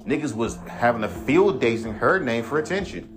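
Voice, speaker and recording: A man's voice: mid-range voice, animated, normal speed, few pauses, faint music behind. A man hosting his own podcast, a rapper ranting in a laid-back, rambling, profane way. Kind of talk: casual monologue.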